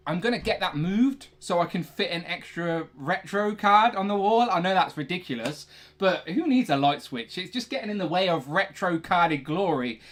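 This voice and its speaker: A man's voice: high-pitched, expressive, normal speed, fairly bright tone. A young man hosting a casual toy collecting livestream from his room, chatty and rambling, often correcting himself. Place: his own room, indoors.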